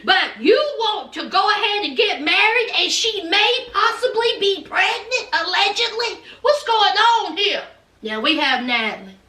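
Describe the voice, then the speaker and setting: A woman's voice: extremely high pitch, expressive, measured pace, sharp tone, roomy sound, far from the mic. A woman giving a sassy, casual recap of a reality TV episode, calling her listeners honey.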